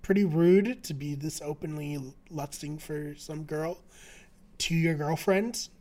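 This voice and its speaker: A man's voice: a little high, unhurried, darkish tone. Man, podcast co-host, casual recap, chatty, laughs often, lots of fillers.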